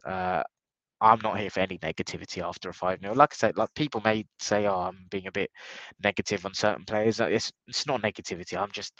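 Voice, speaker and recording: Podcast guy with a stuffy cold, nasal, upbeat and blunt, lowish voice. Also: fairly bright tone, dry recording, muffled recording. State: has a cold. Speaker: podcast host. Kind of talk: casual podcast chat.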